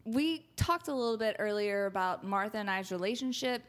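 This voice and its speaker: A woman in a casual chat, animated and teasing, swearing freely as she tells stories. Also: medium pitch, fairly quick.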